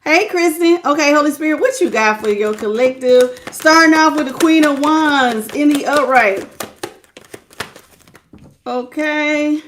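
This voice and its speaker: Hosting a live-stream tarot reading, this woman speaks in a high, bright-pitched voice at a measured pace, with background noise behind her. Her style is casual and folksy; she welcomes each viewer by name and laughs a lot between card pulls.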